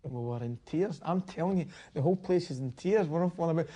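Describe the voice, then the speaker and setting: A man, a former footballer telling a funny dressing-room story in a relaxed, chuckling way. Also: fairly high pitch, quick pace. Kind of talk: anecdotal storytelling.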